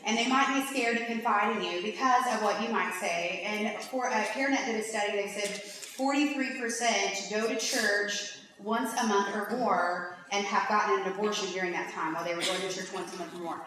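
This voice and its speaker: A woman speaks to a conference crowd in a lively, chatty way, leaning on "like" as she goes. Her voice sits a bit high and sounds bright. It rings through a large hall with long reverb, picked up from a distance over a faint hiss. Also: fairly quick. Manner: animated, chatty, many "like"s. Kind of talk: faith-based conference talk.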